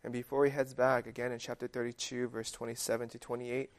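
A man's voice: mid-range voice, level tone, fast. A young man giving a casual, conversational sermon that is full of fillers. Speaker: preacher.

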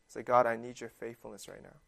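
A young man preaching in a relaxed, conversational way, his talk dotted with "like" and "um." His voice is gravelly with a touch of fry and sits at an ordinary middle pitch. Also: fast. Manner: conversational, full of fillers like "like" and "um". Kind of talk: casual sermon.

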